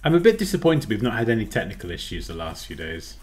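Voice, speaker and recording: A man's voice: on the low side, sing-song, fast talker, a little mellow. A man chatting casually through a live design tutorial, self-mocking and easily distracted.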